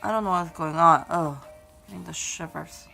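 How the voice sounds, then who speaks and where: A young woman vlogging at home on a handheld phone, chatting to her baby in a playful voice that jumps to high squeals, sounding dizzy and unwell. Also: moderate pace, creaky, sharp tone, soft background music. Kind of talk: casual home vlog talking to her baby. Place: home room indoors. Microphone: handheld phone camera.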